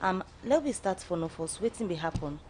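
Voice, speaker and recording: A woman with a Sierra Leonean Krio accent, hosting a radio program and asking her guest measured, direct questions. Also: fairly low pitch, expressive, darkish tone, a little hiss or hum. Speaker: radio host. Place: radio studio.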